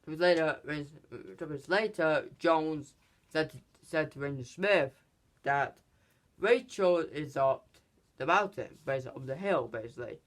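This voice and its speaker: A man's voice: fairly high pitch, normal speed. A man hosting a casual film review, rambling through the plot with many restarts. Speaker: channel host, film reviewer.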